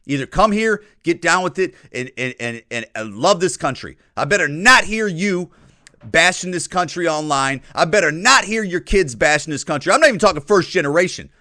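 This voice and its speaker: A man's voice: on the high side, animated, normal speed, pushed and bright, no room sound, clean studio sound. Heated, slangy man ranting. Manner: blunt, heated, slangy and profane. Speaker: podcast host. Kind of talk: opinionated solo monologue.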